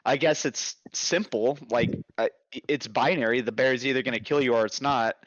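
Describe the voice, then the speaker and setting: A man hosting a casual podcast, rambling and swearing freely, stumbling over restarts as he works through his point. His voice is middle in pitch, with a slightly dull, lo-fi sound in a dry room. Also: brisk, a bit bright, no room sound. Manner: rambling, profane, with many restarts. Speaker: podcast host. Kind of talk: casual chat.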